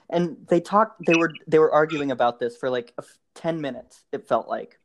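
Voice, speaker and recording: A man's voice: a little high, normal speed. A young man in casual chat, telling a rambling story with many restarts and frequent laughs.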